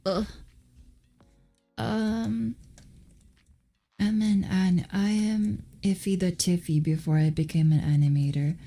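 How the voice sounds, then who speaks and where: Slow, husky woman chatting while drawing. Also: lowish voice, mellow. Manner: rambling, muttering asides, answering chat questions. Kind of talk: casual chat while drawing.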